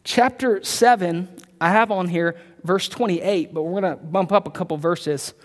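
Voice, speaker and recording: A man preaching a sermon, emphatic, repeating his key points and slowing down to read scripture aloud. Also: sits high. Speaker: pastor. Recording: long hall reverb.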